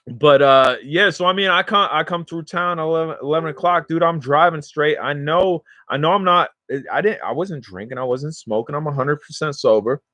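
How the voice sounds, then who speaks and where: A man's voice: on the high side, moderate pace, few pauses, sharp tone, no room sound. A man casually telling a rambling story straight to his viewers in slangy, everyday speech, speaking close to the mic. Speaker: cannabis vlogger.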